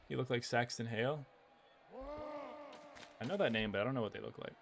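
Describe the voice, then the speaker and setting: Gravelly young streamer. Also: male voice, medium pitch, brisk, pauses often, over music. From Australia. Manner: rambling, swears at the game, chats with viewers. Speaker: gaming streamer. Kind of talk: casual gameplay chat.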